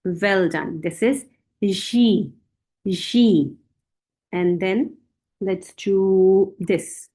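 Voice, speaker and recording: Woman teacher going real slow for beginners, says every word twice, patient. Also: lowish voice, darkish tone. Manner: slow, patient, repeats words for drilling. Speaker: French teacher. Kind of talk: beginner language lesson.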